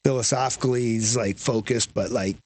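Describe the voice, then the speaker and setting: A man's voice: medium pitch, steady tone, brisk, a little mellow, slightly rough. A man guest, a lead singer, telling stories in casual conversation, rambling and full of "you know" and "like".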